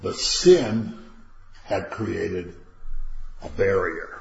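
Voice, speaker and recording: Low-voiced older man leading Bible study. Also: extremely slow, gravelly, echoey room. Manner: conversational, animated when quoting God. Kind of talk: informal Bible study teaching. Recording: dull lo-fi recording with faint noise.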